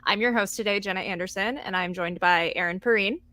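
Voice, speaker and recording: Woman, podcast host, upbeat, organized, quick pace. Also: medium pitch, bright, forceful tone, no echo. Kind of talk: casual podcast chat.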